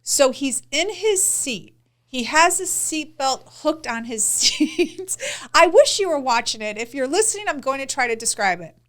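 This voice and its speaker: A middle-aged woman co-hosting a podcast, telling a story in an animated, laughing way and acting out quotes. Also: high voice, normal speed. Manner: animated, laughs through stories, acts out quotes. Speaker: podcast co-host. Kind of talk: casual storytelling chat.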